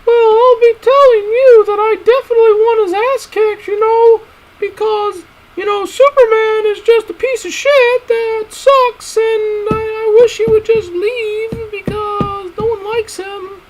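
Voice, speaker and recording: A shrill, squeaky ranting voice, as a man puts it on for a laugh. It spills out breathlessly, looping back to the same complaint over and over in a comedic stream rant. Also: steady tone, unhurried, low-quality recording. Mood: indignant. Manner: rants breathlessly, repeats himself.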